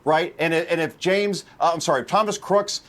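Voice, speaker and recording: A man's voice: a little high, normal speed, fairly bright tone. A man from New Jersey giving heated, indignant TV commentary, repeating points for emphasis.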